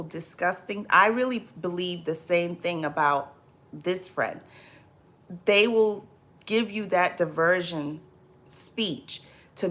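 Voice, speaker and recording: A woman talks to her livestream viewers in a relaxed, chatty way, reading their comments aloud. Her voice sits somewhat low. She speaks slowly, often pausing on "um" and repeating her phrases. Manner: chatty and unhurried, trailing off with ums and repeats. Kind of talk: casual livestream chat.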